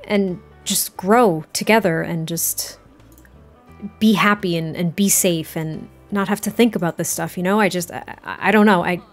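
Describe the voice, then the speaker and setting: A woman voicing an earnest, tender young man who pleads softly and stumbles over his words. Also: fairly low pitch, soft background music, natural voice. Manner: pleading, halting restarts.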